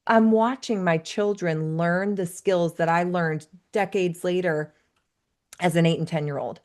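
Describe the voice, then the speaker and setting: Low-voiced woman coach, earnest. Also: fairly even intonation, a little slow, a little mellow. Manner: earnest, reflective storyteller. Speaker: podcast guest, life coach. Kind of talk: conversational interview.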